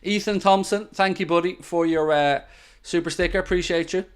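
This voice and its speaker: A man's voice: high-pitched, fairly even intonation, moderate pace, clean tone. A man hosting a live football watchalong, chatting casually, thanking viewers and giving tactical opinions. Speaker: football channel host.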